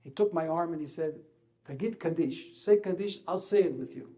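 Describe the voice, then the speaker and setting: Older Israeli-accented man, slightly high voice, mellow tone, halting speaker. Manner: halting, searching for words, rising intensity in places. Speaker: ambassador giving a speech. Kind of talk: emotional personal speech.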